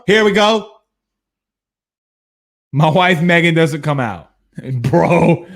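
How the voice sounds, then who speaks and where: A man in his thirties from Louisiana hosting a casual sports stream, reading viewer comments and telling stories in a blunt, animated way. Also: fairly high pitch, unhurried, long pauses. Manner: animated storyteller, hums drum beats, blunt. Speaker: sports show host.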